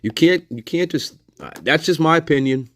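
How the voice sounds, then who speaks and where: A man's voice: on the high side, moderate pace, fairly bright tone, no echo. A man hosting a casual live discussion, rambling, repeating himself and swearing freely. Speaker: livestream host.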